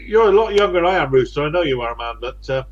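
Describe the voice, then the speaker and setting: West Country man, late sixties, blunt chatty host, slightly high voice, lo-fi sound. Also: animated, fast. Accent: West Country English. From England. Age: 60s. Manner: blunt, chatty, chuckles often. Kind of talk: casual chat.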